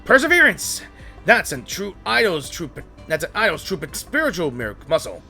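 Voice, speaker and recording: A man's voice: sits high, huge pitch swings, normal speed, gravelly, pushed and bright, soft background music, exaggerated voice. Man doing a barking muscle-bound idol coach. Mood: preachy. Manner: barking, commanding declarations. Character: loud muscle-obsessed male idol coach, drill-sergeant temper.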